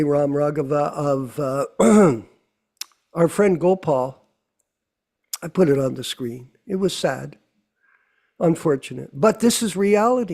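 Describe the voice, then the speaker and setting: A man speaking slowly in a devotional class, with a fairly high but mellow voice. He preaches at length and scolds with rhetorical questions. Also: vocal fry. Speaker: host of a scripture class.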